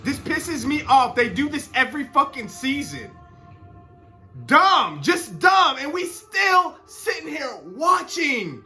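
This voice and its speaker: A man's voice: very high-pitched, big pitch swings, unhurried, hardly any pauses, pushed and bright. A man reacting to a TV episode, ranting at the screen in exasperation and swearing freely. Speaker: reaction channel co-host. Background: show soundtrack music playing.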